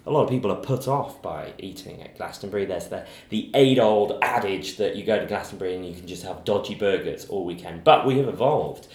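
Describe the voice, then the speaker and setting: A man's voice: deep voice, brisk, hardly any pauses, darkish tone, echoey room. A man hosting a radio preview show, reading out listings in a casual way.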